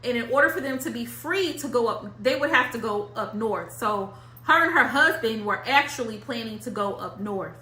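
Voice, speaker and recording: A woman talks straight to her viewers about tarot with blunt, emphatic repetition, slang and the odd curse word. Her voice sits high and bright. The room gives it a noticeable echo. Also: animated, normal speed. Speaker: tarot reader. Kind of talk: casual monologue to viewers.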